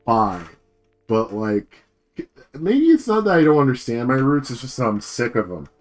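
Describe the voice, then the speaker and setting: A man's voice: mid-range voice, very animated, normal speed, faint music behind. A young American man streaming as a VTuber, rambling through a profane, casual rant full of filler words. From United States.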